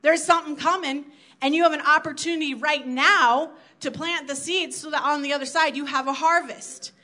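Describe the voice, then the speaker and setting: A woman's voice: high voice, steady tone, moderate pace, pushed and bright. A woman from South Dakota giving an earnest, conversational sermon to her church, acting out her own inner thoughts as she goes. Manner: earnest, conversational preaching with acted-out inner quotes. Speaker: church speaker.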